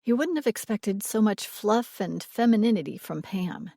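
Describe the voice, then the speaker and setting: A woman reading a romance audiobook in a measured, expressive way. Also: medium pitch, creaky, dry recording, studio quality. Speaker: audiobook narrator. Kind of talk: scripted romance narration.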